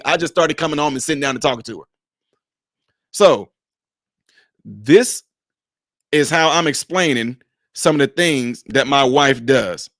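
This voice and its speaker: A man hosts his own vlog from a basement man cave. He speaks a little above the usual male pitch and tells stories in an animated, chatty way. The room sounds dry with the mic close. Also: no echo. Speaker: vlogger, channel host. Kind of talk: casual vlog talk to viewers.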